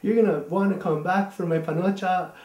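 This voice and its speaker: A man voicing a sweet old grandmother who coaxes a guest to eat, in a high, loud voice, in an echoey room. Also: steady tone, a little fast, lightly acted. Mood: doting.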